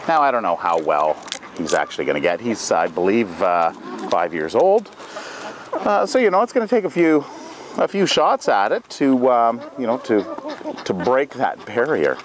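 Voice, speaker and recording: A man's voice: mid-range voice, sing-song, normal speed, noisy background. A man on his small farm, talking casually to the camera and coaxing his animals outdoors, with farm animals heard behind him. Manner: soft coaxing talk to the animals, loud calls to the herd.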